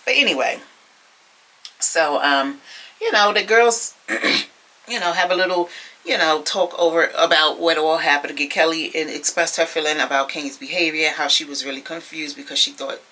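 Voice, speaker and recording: A sassy, gossipy woman recaps a reality episode to her viewers. Her voice sits low but rings bright and sharp. She talks in a loose, chatty way, full of "you know" and "y'all.". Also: normal speed, rough recording. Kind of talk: casual recap commentary.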